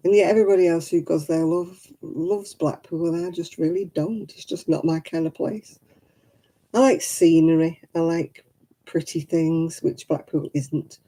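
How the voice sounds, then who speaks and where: A woman's voice: low-pitched, moderate pace, warm tone. A woman hosting a crafting livestream, chatting frankly and casually with viewers and calling them by name.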